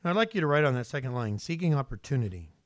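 A man's voice: medium pitch, very animated, racing, no room sound. A male pastor preaching a sermon in a conversational way, often turning to the congregation with rhetorical questions.

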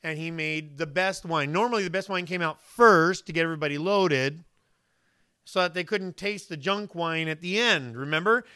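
In a clear, resonant, high and bright voice, a preacher speaks at normal speed, asking the audience questions and voicing the people in his story. The audio is close-miked and dry, with no sense of a room.

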